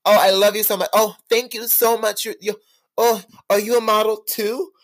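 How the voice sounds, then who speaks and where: A man's voice: high voice, little pitch movement, normal speed, pitched above the performer's own voice. A man putting on a gushing posh supermodel lady. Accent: put-on British.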